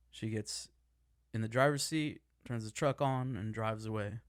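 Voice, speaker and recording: A man's voice: fairly low pitch, smooth, dry recording. A man telling an emotional personal story, agitated and swearing as he vents about family.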